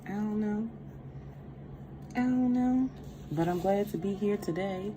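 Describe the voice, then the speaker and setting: A woman hosting a tarot livestream, animated and laughing with viewers, dropping to a soft voice to pray. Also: medium pitch, measured pace, background noise. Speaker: tarot reader and livestream host. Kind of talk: livestream chat with prayer.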